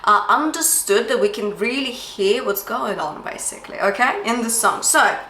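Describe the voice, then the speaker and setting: Woman singing teacher, higher voice, slow deliberate coaching with frequent check-ins, echoey room. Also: lively intonation, pushed and bright, a little hiss or hum. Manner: encouraging, checks in with frequent "yeah?" and "okay?"; demonstrates sung phrases and light falsetto between explanations. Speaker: vocal coach. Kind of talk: singing lesson instruction.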